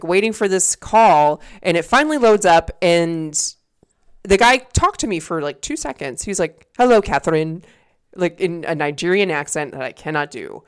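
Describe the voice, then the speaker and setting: A young woman co-hosting a podcast at a desk mic, telling a story in a lower, smooth, clear voice. She talks loosely, swearing freely and laughing between lines. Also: lively intonation, normal speed. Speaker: podcast co-host. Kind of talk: casual chat.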